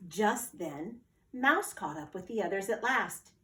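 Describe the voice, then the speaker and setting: Slow, expressive woman reading a picture book. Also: mid-range voice, reverberant. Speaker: teacher reading aloud. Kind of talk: children's storybook read-aloud.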